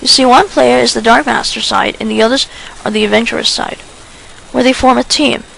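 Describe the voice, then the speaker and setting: A woman's voice: fairly high pitch, fairly even intonation, a little fast, creaky, a bit bright, slight background noise, poor audio. A woman voicing a friendly, eager teenage boy who explains things earnestly and at length.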